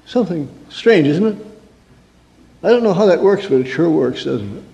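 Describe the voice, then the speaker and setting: High-voiced man preaching in a reverberant hall. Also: lively intonation, normal speed, creaky, warm tone, dull audio. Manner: storytelling, rhetorical questions, mock-angry asides. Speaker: counselor giving a talk. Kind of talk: humorous sermon talk to an audience.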